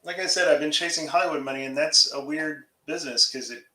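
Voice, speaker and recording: A man's voice: fairly high pitch, fast, sharp tone, echoey room, poor audio. A middle-aged man, a comics writer guest, speaking candidly and easygoingly in a casual interview.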